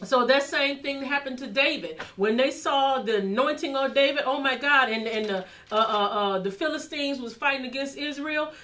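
A woman's voice: sits high, moderate pace, hardly any pauses, bright, forceful tone. A woman minister preaching a sermon with passion, repeating and building her phrases.

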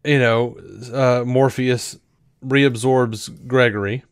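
A man co-hosting a podcast, talking through a show review in a rambling, animated way with lots of fillers and restarts. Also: mid-range voice, slow, smooth, no echo, clean studio sound. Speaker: podcast co-host. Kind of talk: casual review chat.

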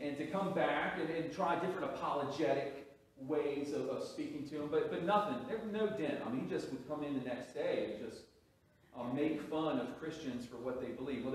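A man preaching a sermon as pastor, telling a story with restarts and rising emphasis. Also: medium pitch. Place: church sanctuary. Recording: very echoey hall, from a distance.

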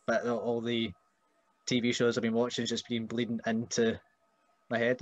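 Scottish wrestler chatting, dry sound. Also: male voice, medium pitch, monotone, normal speed, pauses often, no room sound, lo-fi sound. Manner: joking, does mocking voices of relatives. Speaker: wrestler guest. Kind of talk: casual podcast chat.

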